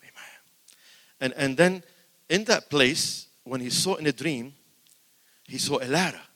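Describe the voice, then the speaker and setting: An older man preaching a sermon in a church, swinging between loud exclamations and quiet asides, repeating words for emphasis. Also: mid-range voice, unhurried, in a large hall.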